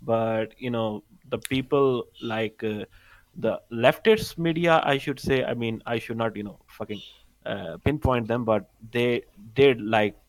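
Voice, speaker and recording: A man's voice: medium pitch, measured pace, no room sound, poor audio. A man from South Asia in casual stream chat, opinionated and swearing freely.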